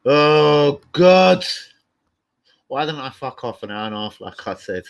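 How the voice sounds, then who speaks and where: A man hosting a fan live stream, answering viewer comments in foul-mouthed, rambling, excitable rants. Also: lowish voice, quick pace, lo-fi sound. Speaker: football fan channel host.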